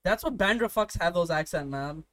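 A man's voice: sits high, expressive, normal speed, a bit bright, no room sound. Young man, profane casual storyteller. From India. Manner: profane, storytelling, laughs often. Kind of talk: casual chat.

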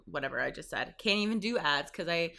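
A woman's voice: lowish voice, animated, fairly quick, vocal fry, sharp tone. A woman from Canada, hosting a podcast in a rambling, profane, casual chat and laughing at her own jokes. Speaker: podcast host.

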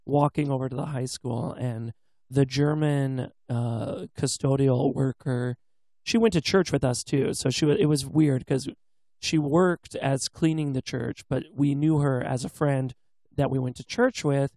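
A man's voice: medium pitch, fairly even intonation, unhurried, mellow, no room sound. A man in his thirties from the US West Coast, chatting casually and rambling through a childhood story. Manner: rambling storyteller, imitates voices. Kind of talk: casual chat.

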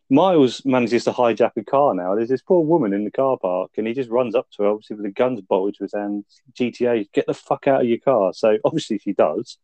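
On a film review podcast, a man casually recaps scenes in a laid-back way, swearing a lot and laughing as he retells them. His voice is fairly low and dark in tone. There's no room sound on the recording.

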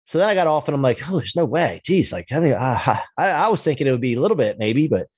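A man with a slightly husky voice tells a personal business story in a loose, casual interview. He is animated, acts out the dialogue, and swears now and then. The sound is close and dry, with no room around it. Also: medium pitch, fast, no room sound. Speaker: podcast guest, entrepreneur.

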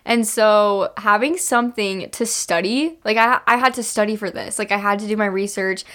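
A woman's voice: mid-range voice, normal speed, fairly bright tone. Bubbly young woman co-hosting a podcast. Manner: bubbly, chatty, laughs often. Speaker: podcast co-host. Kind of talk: casual podcast chat.

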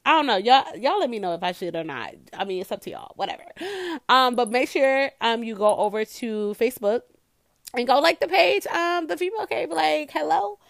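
A woman's voice: on the high side, lively intonation, a little fast, no room sound, studio quality. A woman hosting her own podcast, chatting casually and swearing freely as she talks straight to her listeners. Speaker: podcast host. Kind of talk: casual solo podcast chat.

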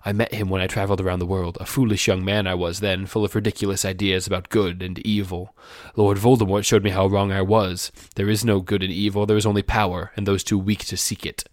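A man's voice: low voice, level tone, fast, few pauses, no echo, clean studio sound, natural voice. A man voicing a nervous, scheming male wizard teacher in a put-on British accent. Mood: menacing.

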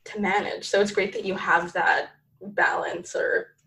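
A woman's voice: medium pitch, steady tone, a little slow, pushed and bright, rough recording. A woman hosting a podcast in casual chat, agreeing readily and reading out listener questions. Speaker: podcast interviewer.

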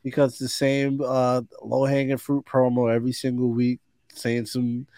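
A man's voice: medium pitch, completely flat delivery, moderate pace, mellow, no room sound, clean studio sound. A man co-hosting a casual podcast, blunt and profane, laughing at his own jokes. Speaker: podcast co-host. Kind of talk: casual chat.

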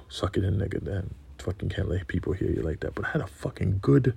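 Raspy, gravelly man talking raw. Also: deep voice, dark tone, no echo. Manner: raw, profane, confessional storytelling. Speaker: podcast host. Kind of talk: candid personal monologue.

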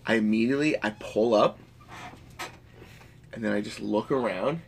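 A man's voice: on the low side, normal speed, vocal fry, a little hiss or hum. A man rambling through a story in casual chat, swearing freely.

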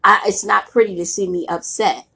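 A woman's voice: medium pitch, steady tone, moderate pace, vocal fry, sharp tone, husky. A middle-aged woman with a cold giving a blunt, casual motivational talk, preaching in everyday slang. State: voice roughened by a cold. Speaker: motivational speaker.

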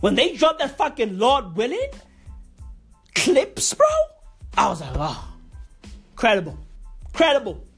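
A woman doing an excitable, profane comedic rant, packed with repeated slang catchphrases and sudden comic pitch jumps. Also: a little slow, pauses often, slightly rough, faint music behind.

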